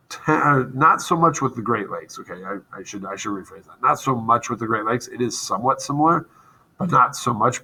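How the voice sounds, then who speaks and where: Male teacher lecturing over slides, low husky voice, kinda monotone, keeps saying right? okay?. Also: low-quality recording. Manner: explanatory, frequent "right?" and "okay?" checks, some restarts; self-described monotone delivery.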